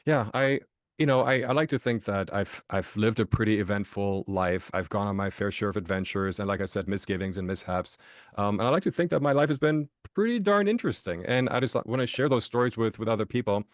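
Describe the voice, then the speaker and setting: A man's voice: lowish voice, lively intonation, brisk, dry recording, clean studio sound. A man from Germany, a podcast guest and author, telling stories in a casual interview, often restarting phrases and checking in with "right?".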